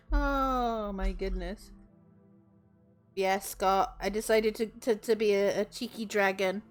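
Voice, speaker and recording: A woman's voice: mid-range voice, slow, soft background music. A young woman streaming as a VTuber, chatting casually and teasingly with viewers and laughing often.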